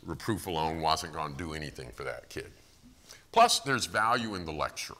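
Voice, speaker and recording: A middle-aged man preaching a sermon in a church, telling stories with animated acted-out quotes and chuckles. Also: rumbling low, moderate pace, slight background noise.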